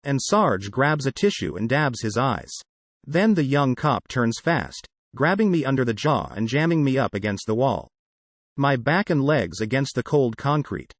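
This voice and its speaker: A man narrating a novel in the first person, with a flat, sardonic storytelling manner. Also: medium pitch, moderate pace, no room sound. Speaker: audiobook narrator.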